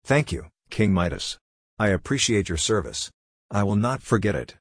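A man voicing a calm, powerful male god in a storybook, speaking slowly and measuredly in a deep, husky voice. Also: no echo, studio quality. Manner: slow and measured.

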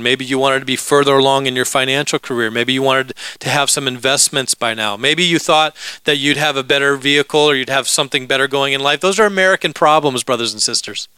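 With humor and asides to his congregation, a male pastor gives a casual sermon in a bright, crisp, mid-range voice. The sound is dry and close with no room sound, and the recording quality is low.

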